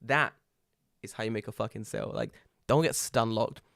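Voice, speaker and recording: A man's voice: fairly low pitch, moderate pace, creaky, fairly bright tone, no echo, studio quality. A man co-hosting a podcast in casual chat, telling stories animatedly and swearing freely. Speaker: podcast co-host. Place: Japan.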